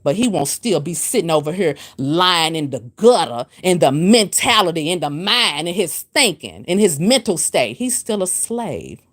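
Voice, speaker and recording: A woman hosts a spiritual livestream. She scolds and preaches at a commenter, hammering her points with repetition. Her pitch swoops from low and firm to high and emphatic. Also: animated, normal speed, few pauses. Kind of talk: livestream rant answering comments.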